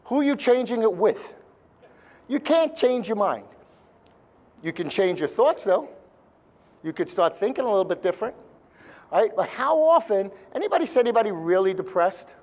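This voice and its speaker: A man's voice: high-pitched, sing-song, moderate pace, pauses often, darkish tone. A man speaking live to a seminar audience, blunt and joking, with mild swearing.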